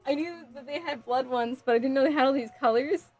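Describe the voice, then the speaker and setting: A woman with a slightly high voice chats casually on a live stream from home, giggling often and thinking out loud as she reads comments. Faint music plays quietly behind her. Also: fast talker. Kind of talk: casual live-stream chat, reading chat aloud.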